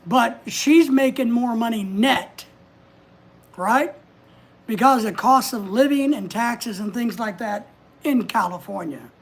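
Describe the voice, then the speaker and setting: A woman's voice: on the high side, slow pace, slightly rough. A woman hosting a casual livestream from home, chatting, giving advice and reading out viewer comments. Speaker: livestream host.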